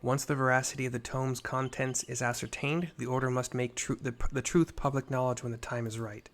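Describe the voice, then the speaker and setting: A man's voice: mid-range voice, flat delivery, fairly quick, lightly acted. A man voicing an earnest young male officer in a game, reading his formal, old-fashioned lines in a raised voice.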